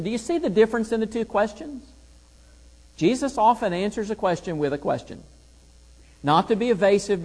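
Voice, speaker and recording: A man's voice: sits high, a little mellow. Emphatic male Bible teacher in a hall. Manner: emphatic, rhetorical questions, reads scripture aloud. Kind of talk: Bible lesson lecture.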